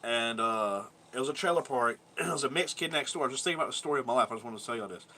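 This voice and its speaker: A man's voice: mid-range voice, animated, rapid-fire, pushed and bright, a little hiss or hum. A man in his thirties telling a rambling, profane story from his childhood in a casual vlog, laughing now and then. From Georgia, US. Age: 30s. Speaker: vlogger.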